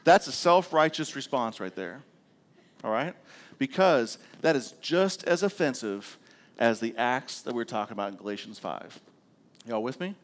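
A man's voice: mid-range voice, lively intonation, normal speed. Middle-aged man, a pastor preaching a sermon: casual, self-deprecating, stories broken up with frequent check-ins.

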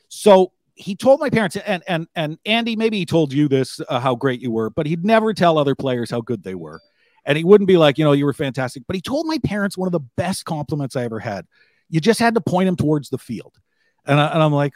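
A man's voice: sits high, expressive, normal speed, no room sound, studio quality. A man, a broadcaster and former player, telling heartfelt memories on a podcast with his voice catching as he fights tears. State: near tears. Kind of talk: emotional podcast tribute.

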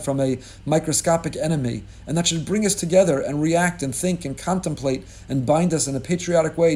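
A man, a rabbi giving an impassioned sermon on the Torah portion, weaving Hebrew terms into English and rising high when he acts out pleas. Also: dark tone.

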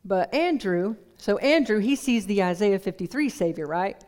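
A woman's voice: mid-range voice, animated, moderate pace, a little mellow. Conversational woman preacher. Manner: conversational, engaging the congregation with questions. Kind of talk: sermon.

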